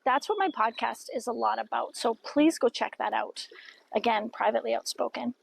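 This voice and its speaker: A middle-aged woman chats to camera in an upbeat, encouraging way, her voice sitting a little high with a gravelly fry running through it. She talks casually, like a cheerleader for her viewers. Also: normal speed, slight background noise, low-quality recording. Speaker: vlogger and podcaster. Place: outdoors by a river.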